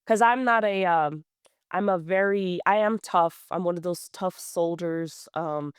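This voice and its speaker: Woman, thirties, blunt candid storytelling, smooth clear voice, dry close sound. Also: lowish voice, unhurried, no room sound. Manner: blunt, plain-spoken, many fillers and restarts. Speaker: guest runner.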